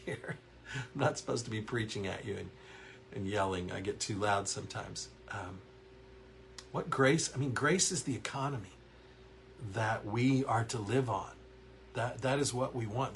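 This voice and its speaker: A man's voice: lowish voice, a little hiss or hum. A man leading an online Bible study from his counseling office, reading verses aloud, answering viewers' typed comments and getting worked up as he explains the text. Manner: earnest, animated, reads verses aloud and reacts to typed comments.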